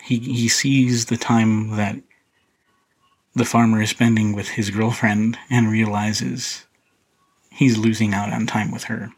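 Male podcast host, low and husky, flat delivery, casual rambling film talk. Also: takes it slowly, rough recording. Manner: relaxed, rambling, frequent fillers and restarts. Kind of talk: casual solo film commentary.

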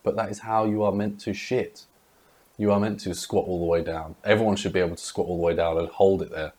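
Deep-voiced, chatty young man. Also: steady tone, a little fast, darkish tone. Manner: chatty, swears freely, uses slang. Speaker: podcast host. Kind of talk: casual solo podcast talk.

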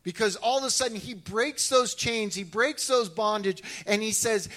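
A male pastor preaching a sermon in a casual, animated way, often restarting his sentences. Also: high voice, moderate pace.

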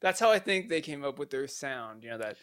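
A man's voice: medium pitch, expressive, brisk, fairly bright tone, dry recording, clean studio sound. A man co-hosting a podcast, talking in casual, joking banter that is often profane. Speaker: podcast co-host. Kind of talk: casual chat.

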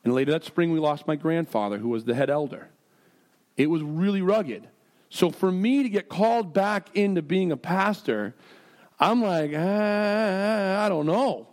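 A pastor preaches a sermon in an animated, self-deprecating, joking way, shifting between stories and earnest prayer. His voice is fairly high and his pace moderate.

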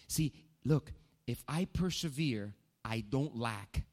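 A male pastor telling a personal story in a sermon, animated, with repeated phrases for emphasis. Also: medium pitch, slow pace, very noisy.

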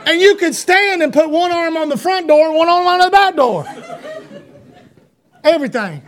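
A middle-aged preacher with a Georgia accent, telling rambling, self-deprecating stories in a sermon with lots of restarts, sometimes rising into shouts. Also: male voice, extremely high pitch, animated, normal speed, some chatter behind. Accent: Southern US, Georgia. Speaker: pastor.

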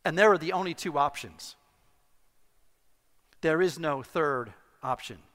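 Animated, bright-voiced male pastor preaching. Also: fairly high pitch, a little slow. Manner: animated storytelling with self-deprecating humor. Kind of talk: sermon. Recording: long hall reverb.

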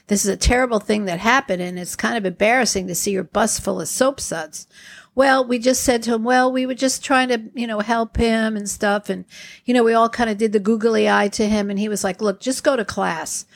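With vocal fry and a fairly high pitch, this podcast host talks a little fast as she spins casual personal anecdotes. She's in her sixties, hails from Long Island, New York, and brings the quotes to life by performing them.

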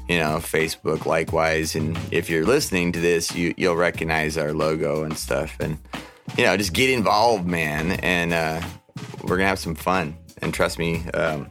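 A man with a very low voice hosts a casual podcast, talking in a loose, rambling way with plenty of swearing and filler words. Faint music plays quietly behind him. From Portland area, Oregon. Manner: rambling, profane, laid-back with lots of fillers. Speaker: podcast host.

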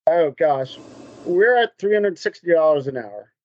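A man guest on a business podcast, telling stories in an animated, conversational way and acting out what people said. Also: fairly high pitch, a little slow, lo-fi sound. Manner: animated storyteller, acts out quotes. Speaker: podcast guest, MSP consultant. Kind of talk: conversational interview storytelling.

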